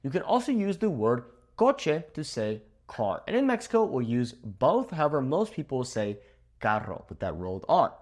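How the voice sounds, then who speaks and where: In a video language lesson, a young man teaches Spanish vocabulary at a whiteboard in a room, upbeat and playful and laughing at his own jokes. His medium-pitched voice is a little mellow, with big pitch swings, normal speed, and hardly any pauses.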